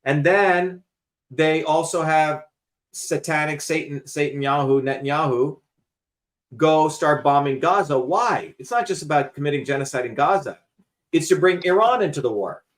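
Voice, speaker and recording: Man, host, slightly high voice, emphatic, lecturing, casual swearing. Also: moderate pace. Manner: emphatic, lecturing, curses freely. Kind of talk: casual talk show conversation.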